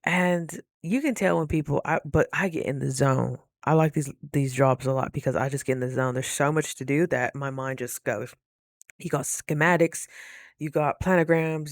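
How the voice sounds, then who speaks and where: Gravelly-voiced woman telling a playful story. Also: low voice, dry recording, studio quality. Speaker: vlogger. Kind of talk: casual storytelling vlog.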